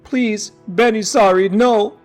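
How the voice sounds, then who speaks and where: A man's voice: fairly even intonation, takes it slowly, a little mellow, soft background music. A sobbing nasal young boy. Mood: pleading. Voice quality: nasal, high and strained. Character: crying short boy, frightened, nasal.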